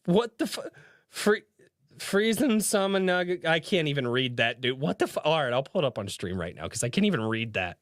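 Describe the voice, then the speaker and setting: A man's voice: a little high, very animated, fairly quick, no room sound, clean studio sound. A man streaming live, reading viewer comments aloud, laughing often and swearing freely in an amused, mocking way. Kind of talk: casual live-stream chat.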